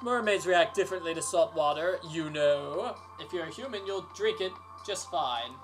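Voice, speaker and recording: A man voicing a smug villainous kidnapper with a slow, menacing manner, read aloud from his own game. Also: a little high, animated, a bit bright, faint music behind.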